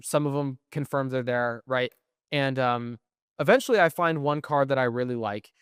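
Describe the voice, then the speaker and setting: A young man in casual podcast chat, telling a story with plenty of swearing and animation. His voice comes through smooth and resonant. The room sounds dead and dry around him. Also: medium pitch, no echo. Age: young adult. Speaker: podcast co-host.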